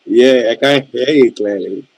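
A man talking on a casual phone call at a middle pitch. He speaks hesitantly and keeps calling her baby. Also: a little slow, gravelly, a little mellow. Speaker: caller.

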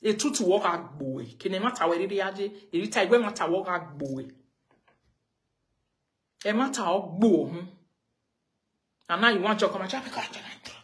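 Ranting on a live video, a Nigerian-accented woman scolds someone, repeating the same pointed questions again and again. She sounds animated in a medium-pitched voice at normal speed, leaving long pauses.

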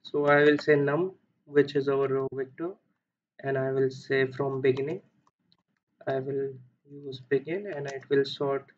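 A man's voice: mid-range voice, muffled recording, slight background noise. A man with an Indian accent walking through a coding problem step by step, thinking aloud with many fillers and self-corrections. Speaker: coding tutor. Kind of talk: screen-recorded coding walkthrough.

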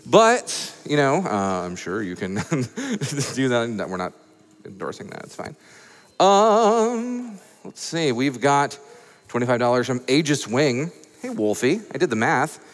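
A man's voice: mid-range voice, very animated, slow. A man from Atlanta, hosting a live charity event on stage in front of a crowd with playful, showy emcee patter. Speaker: marathon host. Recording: long hall reverb.

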